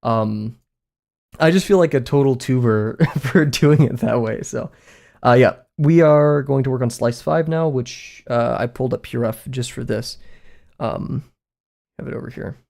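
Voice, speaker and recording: A young man streams himself drawing and chats casually with his viewers, rambling, poking fun at himself, and talking to chat. His voice sits at medium pitch with a creaky, darkish tone, and he keeps a measured pace.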